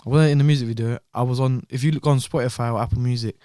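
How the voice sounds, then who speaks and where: A young man, a podcast guest telling animated stories in slang, often repeating himself. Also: medium pitch, rapid-fire, clear, resonant tone, no room sound, studio quality. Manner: animated storyteller, heavy slang, repeats words. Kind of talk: casual chat.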